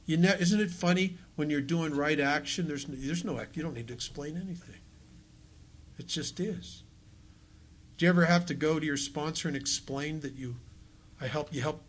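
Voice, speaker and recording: A man's voice: on the high side, normal speed. A man giving a folksy story talk at a recovery retreat, acting out the voices of the people he quotes.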